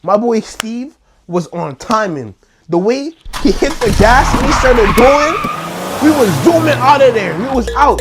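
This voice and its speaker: A young man tells a wild story in a storytime vlog, slangy and full of acted-out scenes. His voice swoops up and down in pitch, and faint music plays under him. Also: moderate pace. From New York. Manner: animated, slangy, acts out scenes.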